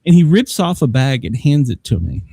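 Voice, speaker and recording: A man's voice: medium pitch, very animated, normal speed, creaky, dark tone, husky, dry recording. A man telling a long, rambling story in casual chat as a show host, laughing often. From Southern United States.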